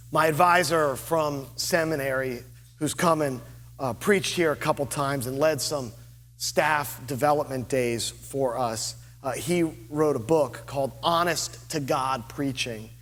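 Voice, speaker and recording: A man preaching a sermon as lead pastor, earnest and deliberate, with dramatic pauses. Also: fairly high pitch, a bit bright, long reverb tail. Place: church sanctuary.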